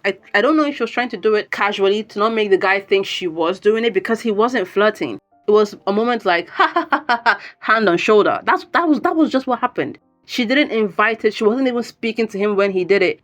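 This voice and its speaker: Chatty woman recapping, laughing asides. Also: medium pitch. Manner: chatty, animated, self-interrupting with laughs. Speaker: video commentator. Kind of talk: casual spoken recap. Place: at home.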